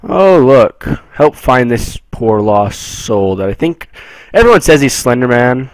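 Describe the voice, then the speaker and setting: A man's voice: medium pitch, a little slow, no echo, poor audio. Jumpy young man playing a horror game. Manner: jumpy, excitable, swings from mumbling to yelling. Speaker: gameplay streamer. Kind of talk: casual gameplay commentary.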